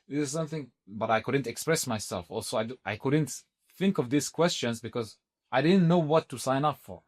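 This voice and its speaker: A man telling a personal story in casual conversation, often restarting sentences and acting out what people said with sudden high-pitched voices. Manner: animated, acts out quoted speech with sudden high pitch jumps; halting, restarts mid-sentence. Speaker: podcast guest.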